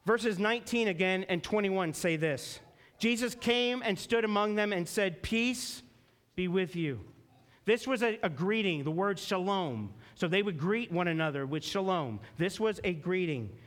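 A pastor preaches a sermon in an earnest, storytelling manner, animated and a bit bright, slowing down and dropping his voice low for emphasis.

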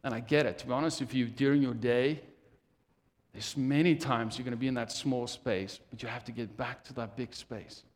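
A man preaching a sermon, repeating phrases, rising to loud emphasis and dropping to hushed near-whispers. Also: mid-range voice, steady tone, moderate pace. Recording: long hall reverb.

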